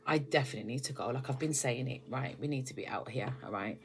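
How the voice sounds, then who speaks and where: A woman's voice: a bass voice, fast talker. British lady doing a tarot reading, chatty, keeps saying all right, bit of hiss and clicks behind her. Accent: British English. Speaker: tarot reader. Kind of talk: spiritual reading, casual monologue to viewers.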